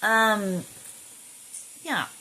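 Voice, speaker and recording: A woman's voice: medium pitch, lively intonation, extremely slow, bright, forceful tone, husky, low-quality recording. A middle-aged woman talking casually into her phone camera, blunt and given to swearing, audibly irritated. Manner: blunt, swears freely, talks to herself. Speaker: vlogger. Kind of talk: casual vlog.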